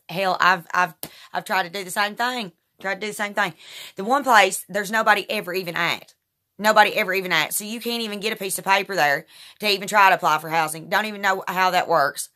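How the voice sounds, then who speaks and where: A woman talks straight to camera, repeating herself as she rambles through an indignant account. Her voice is bright and forward. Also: medium pitch. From Kentucky, USA. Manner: rambling, repetitive, indignant storytelling. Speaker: vlogger. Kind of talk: casual monologue to camera.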